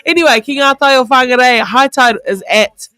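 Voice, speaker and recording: A woman with a New Zealand accent hosting casual radio, bubbly and quick to laugh at herself. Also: high-pitched, sharp tone, clear, resonant tone, no echo. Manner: bubbly, laughing, self-mocking. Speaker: radio host. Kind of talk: casual breakfast radio banter. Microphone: studio mic.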